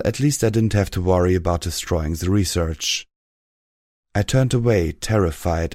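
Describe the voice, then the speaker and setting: A deep-voiced man reads a first-person story aloud with steady, dramatic storytelling. The recording is dry and close, with no room sound. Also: dry recording. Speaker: audiobook narrator. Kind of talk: first-person fan fiction reading.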